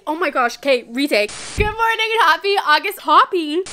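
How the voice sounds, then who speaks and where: Bubbly high-voiced woman vlogger. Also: very animated, pushed and bright, soft background music. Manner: bubbly, chatty, quick asides and laughs. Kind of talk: casual travel vlog.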